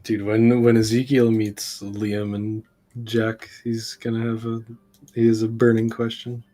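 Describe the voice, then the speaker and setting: Excitable man bantering at a game table. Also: fairly low pitch, unhurried. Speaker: player. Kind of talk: casual tabletop game chat.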